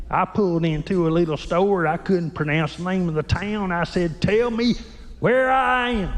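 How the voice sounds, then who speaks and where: A man's voice: sits high, pitched above the performer's own voice. A man voicing an impression of a drawling old cowboy telling a tall tale. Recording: echoey hall, live show.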